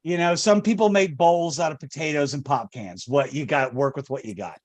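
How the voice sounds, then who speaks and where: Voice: mid-range voice, moderate pace, no room sound. A podcast co-host who drops dry, joking asides during a casual film chat.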